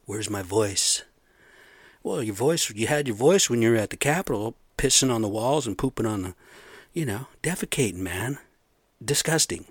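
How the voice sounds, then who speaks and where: A man's voice: medium pitch, animated, moderate pace, husky, no echo. A middle-aged man giving a blunt, profane, rambling solo rant in casual talk. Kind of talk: casual monologue.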